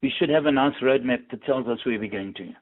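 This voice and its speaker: A man's voice: mid-range voice, a little fast. Man on a tinny phone line. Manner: earnest, repeats words while thinking. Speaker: industry association chief executive. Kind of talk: radio phone interview.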